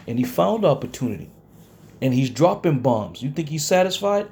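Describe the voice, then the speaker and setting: A man delivers a confrontational sermon with a dark, mellow tone. He lectures his listeners bluntly and slows down to read scripture with weighty emphasis. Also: fairly high pitch, very animated, vocal fry, husky. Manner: confrontational, blunt, reads verses slowly and stresses them. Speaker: preacher.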